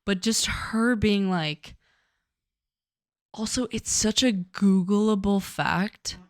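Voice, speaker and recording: A woman co-hosting a podcast in casual chat, chatty and animated with lots of fillers. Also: medium pitch, takes it slowly, no room sound. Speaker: podcast co-host.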